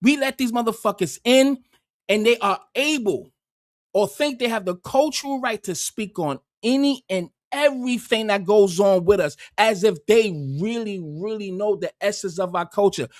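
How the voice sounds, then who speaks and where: A man's voice: sits high, normal speed, dry recording, studio quality. A man doing casual livestream commentary, heated and profane, rambling with frequent restarts.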